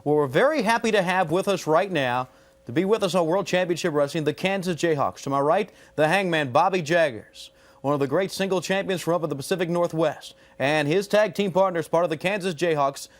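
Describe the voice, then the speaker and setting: A man hosting a wrestling TV show, interviewing guests and introducing segments in a smooth, even announcer delivery. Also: a little high, brisk. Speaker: wrestling TV host. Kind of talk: broadcast interview and commentary.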